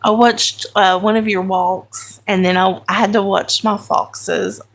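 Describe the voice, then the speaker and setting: Country woman host, relaxed unhurried live chat, a touch of vocal fry. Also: medium pitch. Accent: American country. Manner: chatty, talks to viewers by name, self-correcting. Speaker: livestream host. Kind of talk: casual live chat while sorting crayons.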